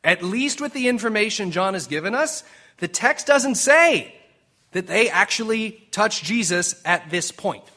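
A man preaching a sermon as pastor, animated and emphatic, slipping into dramatic quoted lines with pauses and now and then drifting off the mic. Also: high voice. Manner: jokes with the congregation.

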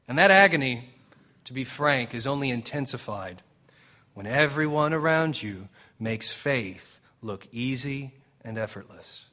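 Preaching at medium pitch, a male pastor keeps his sermon energetic and emphatic while joking with the people in the pews. He lapses into dramatic quoted lines with pauses and occasionally wanders off the microphone.

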